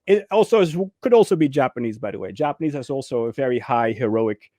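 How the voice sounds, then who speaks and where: A fast-talking man with a medium-pitched voice co-hosts a laid-back movie talk show, with slight background noise behind him. He's an animated storyteller who acts out scenes in raised voices.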